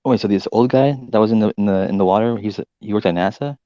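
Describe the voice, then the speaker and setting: A man's voice: fairly low pitch, fast talker, mellow, dry recording, muffled recording. A man in casual chat, hesitant, filling with "um" and "like". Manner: hesitant, many "um" and "like".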